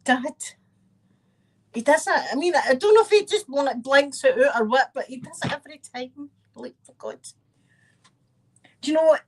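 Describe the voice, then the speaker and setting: A woman with a Scottish accent telling rambling, animated family anecdotes in a casual chat, with frequent asides. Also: high-pitched, moderate pace, long pauses. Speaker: channel host.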